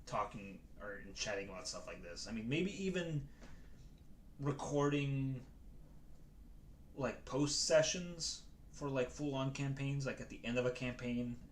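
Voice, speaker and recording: A man's voice: mid-range voice, animated, unhurried, slight background noise. A man chatting casually to his stream viewers as a dungeon master, rambling and hesitant with many restarts.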